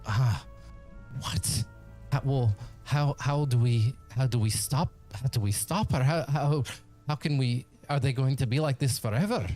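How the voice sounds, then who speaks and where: A man's voice: fairly low pitch, fairly even intonation, measured pace, darkish tone, faint music behind, close to an everyday voice. A man voicing an anxious male village refugee who stammers and repeats his words nervously. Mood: alarmed.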